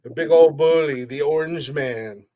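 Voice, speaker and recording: A man's voice: a little high, a little slow, highs cut off. A man hosting a comedy podcast, ranting in a brash, profane, joking way. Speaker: podcast host. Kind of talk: casual comedy podcast chat.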